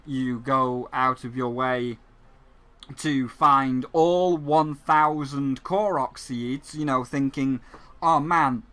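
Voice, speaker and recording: A man giving casual gaming commentary as a sarcastic rant, often stumbling and restarting his sentences. His voice sits at an average pitch and sounds bright and tense. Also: takes it slowly, smooth. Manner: ranting, sarcastic, frequent restarts. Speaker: gaming channel host.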